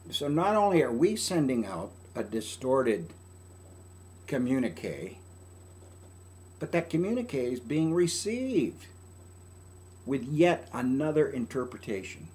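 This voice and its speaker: A man's voice: medium pitch, very animated, measured pace, long pauses, darkish tone. An older man, a family counselor, talking through parenting advice in a folksy, conversational way. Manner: folksy, conversational, acts out quoted lines. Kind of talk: casual advice talk.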